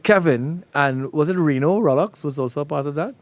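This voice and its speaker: A man hosting a relaxed, joking radio interview with some hesitations. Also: on the high side, fairly quick, dry recording. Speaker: radio host.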